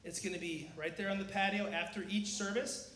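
A man's voice: high voice, brisk, a little hiss or hum. A man giving upbeat church announcements, quizzing the congregation, while getting over a cough. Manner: energetic, asks the crowd questions. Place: large church sanctuary. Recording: echoey sanctuary, faint ambience.

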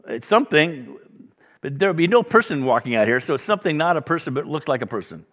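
Middle-aged guy preaching, acts out all the lines, gets loud then goes real soft. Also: a little high, fast talker. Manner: animated, acts out dialogue with sudden loud bursts and soft drops. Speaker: pastor. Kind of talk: sermon.

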